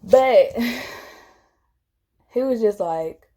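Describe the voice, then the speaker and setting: Animated woman telling a story. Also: extremely slow. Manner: animated, jumps high when quoting herself, tearful at moments. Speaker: vlogger telling a personal story. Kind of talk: emotional storytelling to camera.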